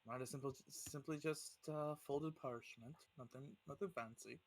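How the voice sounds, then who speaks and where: A man voicing a polite, businesslike inspector who clears ships of vermin. He speaks in a quiet, courteous and slightly sly manner for a tabletop game. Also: mid-range voice, moderate pace, close to an everyday voice. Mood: smooth.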